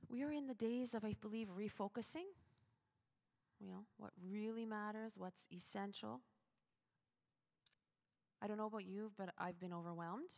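A woman's voice: medium pitch, vocal fry. Chatty woman giving a devotional talk. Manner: chatty, animated, with sudden loud emphasis. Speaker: devotional speaker. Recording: long hall reverb.

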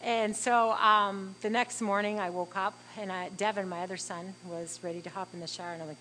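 A woman's voice: medium pitch, fairly even intonation, a little fast, few pauses, bright, forceful tone, slight background noise, rough recording. A middle-aged woman telling a personal faith testimony in an earnest, heartfelt way, acting out bits of dialogue as she goes. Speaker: speaker sharing a faith testimony.

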